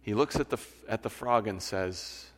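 A man's voice: on the low side, moderate pace. A male pastor preaching a sermon in a conversational storytelling manner, often restarting phrases. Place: church sanctuary. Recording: church hall reverb.

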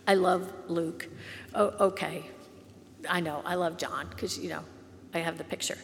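A woman pastor preaching a sermon slowly and gently, sometimes softening to a near whisper. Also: on the low side, steady tone, creaky, long reverb tail, a little hiss or hum. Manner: slow, gentle, drops to soft whispers on quoted lines.

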